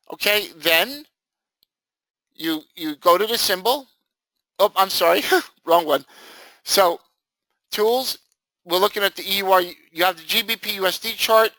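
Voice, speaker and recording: Male trading instructor, high bright voice, joking and animated, close dry mic. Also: no echo, rough recording. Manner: animated, jokey, acts out students' reactions. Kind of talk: live screen-share training session.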